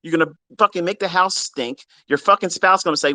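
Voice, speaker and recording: A man's voice: fairly high pitch, a little fast, bright, forceful tone, no room sound. A man who is a trading mentor, delivering a blunt, exasperated rant to his students with heavy swearing. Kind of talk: profane ranting lecture to students. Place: live audio chat room.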